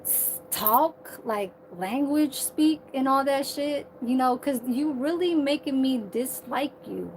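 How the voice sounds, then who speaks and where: A woman's voice: high voice, lively intonation, slow pace, hardly any pauses, a little hiss or hum. Profane ranting woman on a livestream. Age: 30s. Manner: heated, profane, repetitive.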